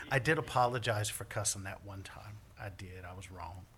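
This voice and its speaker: A man's voice: lowish voice, normal speed, fairly bright tone. A man preaching a sermon as a priest, joking with the congregation between points. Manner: joking, self-deprecating asides to the congregation.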